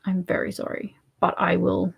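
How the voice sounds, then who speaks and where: An Australian woman hosting a casual livestream, soft-spoken and rambling, often dropping to a murmur. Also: on the low side, monotone, normal speed, creaky, breathy edge. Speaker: livestream host.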